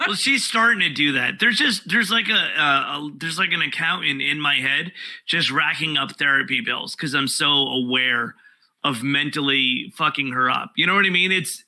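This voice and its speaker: A man, a guest comedian telling profane, animated stories in casual podcast chat. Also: on the high side, measured pace, low-quality recording. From New York.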